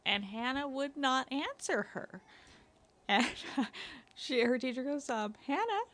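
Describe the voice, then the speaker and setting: A woman's voice: high voice, slow, fairly bright tone. Woman chiming in during casual chat. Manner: reactive, chiming in with short questions. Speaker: friend in conversation.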